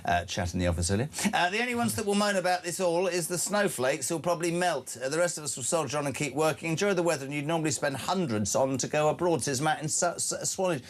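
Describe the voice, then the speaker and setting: A man's voice: on the high side, animated, fast talker, few pauses. Guy hosting breakfast radio, jokey and blunt, reads out texts. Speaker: radio breakfast show host. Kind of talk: casual talk radio chat.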